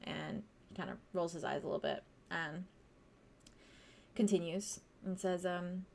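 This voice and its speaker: A woman's voice: on the low side, steady tone, measured pace, gravelly, a little mellow. A woman running a tabletop game as game master, narrating casually with many fillers. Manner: casual and hesitant, with many fillers and frequent laughs.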